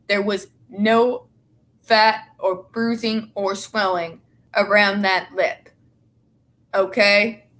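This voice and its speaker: A woman's voice: mid-range voice, a bit bright. A young woman in casual, opinionated chat, blunt and sarcastic with a lot of swearing. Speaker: show co-host.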